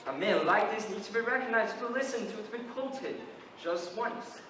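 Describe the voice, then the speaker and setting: Boy doing a quiet thoughtful old juror, far away in a big echoey room. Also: sits high, lively intonation, moderate pace. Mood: reflective. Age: late teens. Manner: soft, reflective, hesitant. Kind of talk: stage play performance. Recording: echoey hall from far off, background noise.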